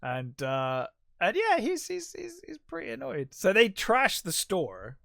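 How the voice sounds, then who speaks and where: A man's voice: high-pitched, wildly swooping pitch, a little slow, creaky, a bit bright. A man co-hosting a film podcast, casually retelling the plot in a rambling way with lots of fillers. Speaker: podcast co-host. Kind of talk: casual film review chat.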